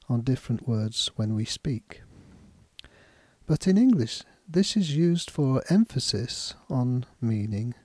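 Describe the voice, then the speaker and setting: A man gives an English lesson, explaining stress and reading a text aloud slowly, deliberately and with clear enunciation. His mid-range voice is mellow, with no echo.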